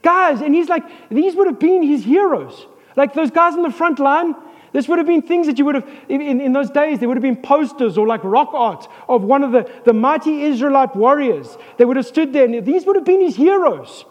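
A pastor preaches an animated sermon, slipping in jokes and calling for amens. His voice sits very high for a man. Long hall reverb carries every line. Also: brisk, highs cut off. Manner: animated, joking asides, calls for amens.

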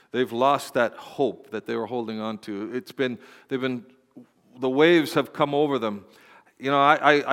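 A man pastor preaching a sermon, swinging between loud, fervent exhortation and quiet, tender storytelling. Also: medium pitch. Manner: impassioned preaching, rising to loud exhortation and dropping to soft storytelling. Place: church sanctuary. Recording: long hall reverb.

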